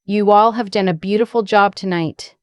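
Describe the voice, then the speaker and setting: A woman voicing a soft-spoken young woman in an audio drama, who speaks gently and confidingly with emotion close to the surface. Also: mid-range voice, steady tone, moderate pace, clear, resonant tone, dry recording, natural voice. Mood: tender.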